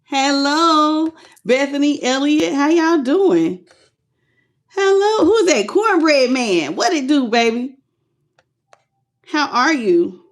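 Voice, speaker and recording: A woman with a fairly high voice runs a live tarot stream. She greets each viewer by name in a playful, affectionate manner and laughs easily. She stretches out her hellos before turning to the cards. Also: animated, takes it slowly, pauses often. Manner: warm, playful, calls viewers "baby" and "boo", laughs often.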